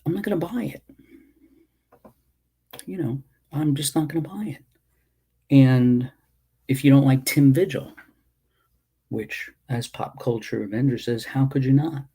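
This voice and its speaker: Guy ranting on his vlog, slow and kinda husky, swears a lot, fired up. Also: mid-range voice, dark tone. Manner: impassioned, ranting, swears freely. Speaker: self-published comic creator.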